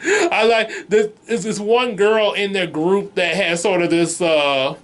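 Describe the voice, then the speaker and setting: A man with a high, light voice talks through a film review in an easy, rambling way, breaking into chuckles and circling back on his words. It sounds like relaxed, unscripted chat for his video channel. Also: takes it slowly. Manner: rambling, chuckles often, many restarts. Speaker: comics vlogger reviewing a movie. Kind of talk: casual movie review chat.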